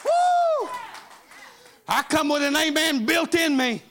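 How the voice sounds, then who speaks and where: A man preaching a sermon in a church, shouting in a sing-song Pentecostal cadence with frequent "uh" fillers. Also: very high voice, moderate pace, a faint crowd.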